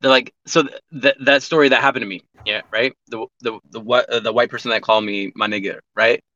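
Casual podcast talker: a man with a forceful, bright voice, candid and profane, on a dull, dry recording. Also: mid-range voice, fairly even intonation, quick pace. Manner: candid, profane, rambling with many restarts. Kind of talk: casual chat.

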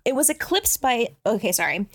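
A woman co-hosting a podcast, chatting casually and reading novel excerpts, animated, exasperated and swearing freely. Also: on the high side, fairly quick, breathy edge. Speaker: podcast co-host. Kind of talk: casual book-club chat.

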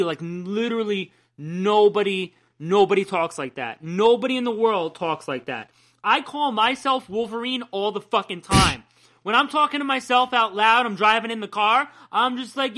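A man's voice: high voice, lively intonation, normal speed, sharp tone. A man co-hosting a podcast, ranting casually and profanely about comics and laughing often. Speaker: podcast co-host. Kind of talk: casual comic book chat.

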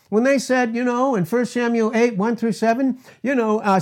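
A man's voice: very high-pitched, fairly even intonation, moderate pace, few pauses. A man preaching a sermon, emphatic and firing rhetorical questions at the congregation.

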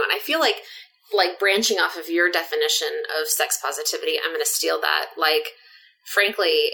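A woman co-hosting a relaxed podcast, with a lowish voice and a bright, crisp edge. She talks in a playful, easygoing way and leans on "like" a lot. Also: rough recording. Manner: playful and teasing, many "like" fillers. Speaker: podcast co-host. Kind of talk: casual podcast chat.

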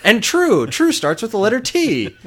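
A man doing an eager, high puppet voice. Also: wildly swooping pitch, moderate pace, breathy edge, full character voice.

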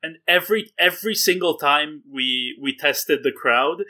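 A man's voice: on the high side, measured pace, sharp tone. A male game developer in a casual interview, chatting with amused, joking asides. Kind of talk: casual chat.

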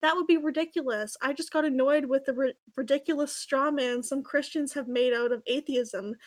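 A woman's voice: sits high, fairly even intonation, moderate pace, close to an everyday voice. A woman doing a whiny sarcastic villain. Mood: defensive. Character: sarcastic young male atheist villain, whiny.

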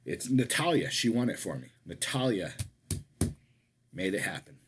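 A man's voice: fairly low pitch, big pitch swings, moderate pace, noisy background. A man co-hosting a casual wrestling podcast, talking in a rambling way that keeps correcting itself. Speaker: podcast co-host.

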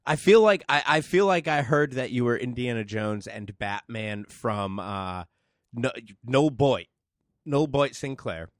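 A man in a casual chat, relaxed, hosting and adding short comments. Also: mid-range voice, a little slow, no echo, clean studio sound.

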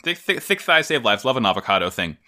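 Quick-paced with a medium-pitched voice, a male podcast co-host keeps the chat light, animated and jokey, laughing often as an eager fan.

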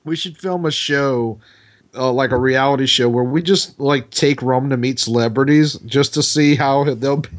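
A man's voice: medium pitch, moderate pace, dry recording. A man co-hosting a podcast, joking and teasing in casual banter. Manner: joking, laughs loudly, teasing. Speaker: podcast co-host.

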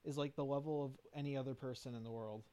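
A man's voice: mid-range voice, fairly even intonation, fast talker, warm tone. Rambling man in casual chat. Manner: rambling, heavy use of "like" fillers.

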